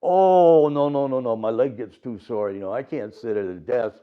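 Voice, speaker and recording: A man voicing a boastful male hobo who spins tall tales, in a high wheedling put-on voice. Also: moderate pace, clear, resonant tone, dull audio, close to an everyday voice. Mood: whiny excuses.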